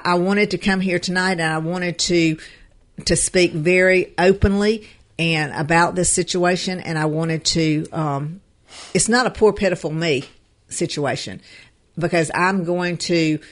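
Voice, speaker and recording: A woman co-hosting a live show, speaking earnestly with many fillers and restarts. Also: fairly low pitch. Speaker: show co-host. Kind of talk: casual live show talk.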